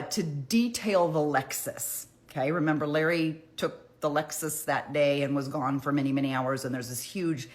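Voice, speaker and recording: Low-voiced woman recapping a trial. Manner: chatty, conversational, with frequent "like" asides; dramatizes quotes with emphatic retellings. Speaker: true crime commentator.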